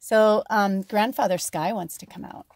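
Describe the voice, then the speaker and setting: A woman's voice: medium pitch, fairly even intonation, normal speed, no echo. Brief: woman medium, casual rambling reading talk, dry close sound. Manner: rambling, earnest, many fillers. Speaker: spiritual medium.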